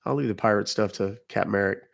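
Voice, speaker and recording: On his livestream, a man from England with a British accent rambles through casual answers to viewers, interrupting himself as he goes. He talks fast, in a gravelly voice on the low side.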